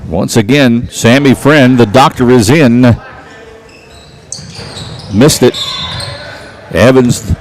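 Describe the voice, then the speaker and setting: A man calling local basketball play-by-play, getting excited and shouting on big plays. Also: medium pitch, slow pace, pauses often. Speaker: play-by-play announcer.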